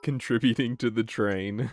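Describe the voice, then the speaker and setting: A young man chatting casually on his game live stream, excitable, swearing and reacting to chat. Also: medium pitch, moderate pace.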